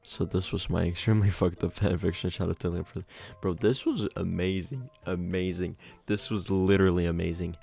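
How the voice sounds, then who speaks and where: Male YouTuber, deep voice, reads fan fiction with a straight face, then chats casually with viewers. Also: flat delivery, brisk, gravelly, mellow, soft background music. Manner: mock-serious reading with slangy asides. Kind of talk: comic read-aloud and casual chat to viewers.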